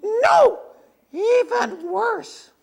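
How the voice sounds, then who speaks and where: Cranky ancient mummy, put on by a woman: shrill, petulant shouting. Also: very animated, very slow, vocal fry, heavily acted. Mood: furious. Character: angry shrieking male mummy, ancient and cranky.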